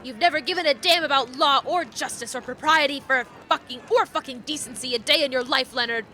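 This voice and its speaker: A woman's voice: high-pitched, fairly quick, pushed and bright, a little hiss or hum. A woman voicing an angry male peasant leader who speaks harshly and bitterly. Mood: furious.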